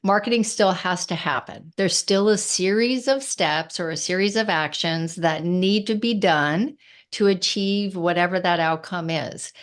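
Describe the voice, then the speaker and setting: A woman's voice: fairly low pitch, measured pace. Woman entrepreneur on a podcast, talks straight and direct. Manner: frank, direct, down-to-earth. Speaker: entrepreneur guest. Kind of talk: casual interview chat.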